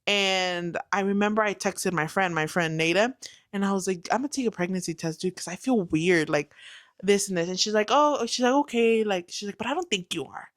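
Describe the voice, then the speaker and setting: A woman's voice: medium pitch, a little fast. Young woman guest, casual storyteller, salty, acts out quotes. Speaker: guest, new mother. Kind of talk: casual chat.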